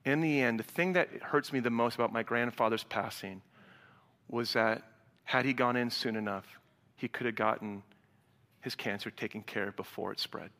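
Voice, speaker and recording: A man preaching a sermon to a live congregation, animated, acting out dialogue and swinging from loud to hushed. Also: mid-range voice, moderate pace. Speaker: pastor. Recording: reverberant hall sound.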